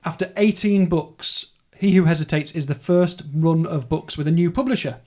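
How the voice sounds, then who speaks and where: A man's voice: on the high side, normal speed, dark tone. A man hosting a casual podcast chat, rambling through details in a chatty way. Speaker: podcast host. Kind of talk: casual book-club chat.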